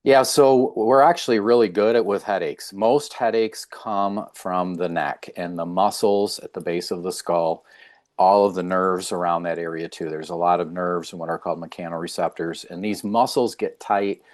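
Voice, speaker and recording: A middle-aged man with a very low, deep voice. He speaks casually as a chiropractor guest. He tells stories with animation and puts on the voices of the people he quotes. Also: normal speed. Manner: animated storyteller, acts out quoted dialogue. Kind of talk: casual interview talk.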